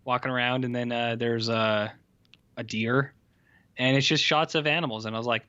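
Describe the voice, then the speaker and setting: A man's voice: medium pitch, fairly even intonation, moderate pace, pushed and bright. Sweary, rambling man on a lo-fi podcast. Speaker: podcast co-host. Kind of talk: casual film review chat.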